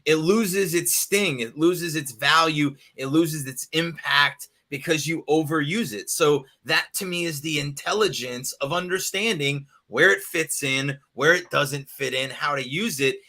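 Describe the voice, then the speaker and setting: A man co-hosting a podcast in casual chat, animated, with lots of fillers and laughter. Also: on the high side, unhurried, hardly any pauses. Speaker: podcast co-host.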